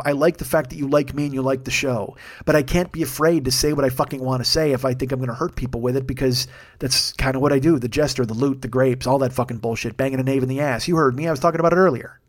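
A man's voice: medium pitch, fairly even intonation, fast talker. A man hosting a comedy podcast alone, ranting heatedly and swearing constantly, then rambling through thanks to his crew. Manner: rambling, self-deprecating. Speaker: podcast host. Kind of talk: solo comedy podcast rant.

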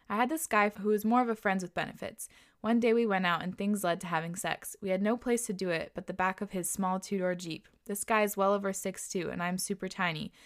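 A woman's voice: medium pitch, fairly bright tone. A woman hosting a podcast, reading listener stories aloud and reacting with laughter and casual swearing.

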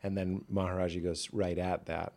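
A man's voice: deep voice, level tone, moderate pace, a little mellow. A man hosting a casual conversation, talking in an earnest, reflective way and speaking openly about himself. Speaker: podcast host and author.

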